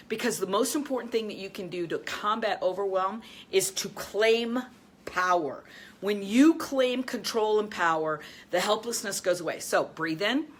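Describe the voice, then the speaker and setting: Middle-aged woman, life-business coach hosting her own show; emphatic, upbeat delivery with frequent laughs, softening for guided breathing. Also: slight background noise. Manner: energetic, emphatic, laughs often, drops soft and low when guiding breaths. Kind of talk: motivational talk with guided breathing.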